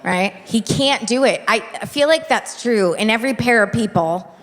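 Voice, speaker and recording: A woman's voice: fairly high pitch, moderate pace, fairly bright tone. A woman doing stand-up comedy on a theater stage, chatty and confiding, checking in with the crowd into a handheld mic. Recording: reverberant live venue, faint noise.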